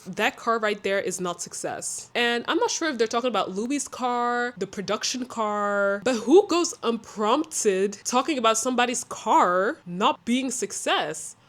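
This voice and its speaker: A young woman vlogging a late-night reaction to a documentary, tired, incredulous and sarcastic, often breaking into laughter. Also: medium pitch. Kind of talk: casual late-night commentary.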